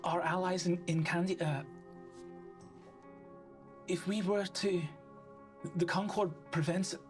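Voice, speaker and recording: A man's voice: sits high, fairly even intonation, takes it slowly, faint music behind, pitched above the performer's own voice. A man voicing a nervous young duchess who stammers and trails off. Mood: panicked. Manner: stammering, hesitant.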